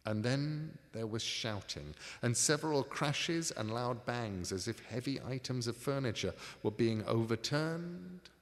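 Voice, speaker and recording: A man reading his own book aloud at a live signing event, measured and expressive. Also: mid-range voice. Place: book signing tour venue. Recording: live reading in a reverberant hall.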